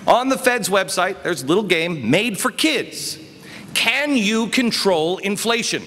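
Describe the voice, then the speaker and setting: A man gives an emphatic political speech from a stage. His voice sits high and swings widely in pitch, dropping low and then rising loud. The hall adds a long reverb with faint noise underneath. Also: lively intonation, unhurried. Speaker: speaker. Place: conference hall.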